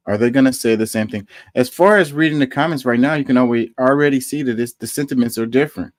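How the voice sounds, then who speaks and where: A man casually commenting on news and reading viewer comments aloud, with animated rhetorical questions. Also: mid-range voice, fast talker, few pauses, dry recording, studio quality.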